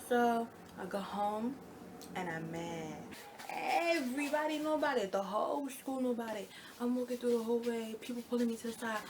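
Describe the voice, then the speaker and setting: A young woman casually telling a personal storytime, acting out the quoted lines with lively, animated retelling. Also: fairly high pitch, normal speed, background noise. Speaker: storytime vlogger.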